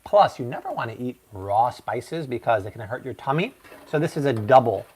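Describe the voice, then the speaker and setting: Animated, chatty man cooking live. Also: mid-range voice, normal speed, slightly rough. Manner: chatty and playful, joking with the chat. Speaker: cooking show host. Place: home kitchen.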